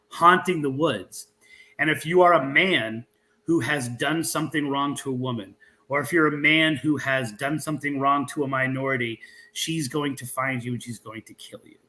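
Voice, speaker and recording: A man's voice: medium pitch, moderate pace, poor audio. A man, a guest author and researcher, telling a local legend in an interview with restarts and fillers as he goes. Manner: animated storyteller with frequent restarts and fillers.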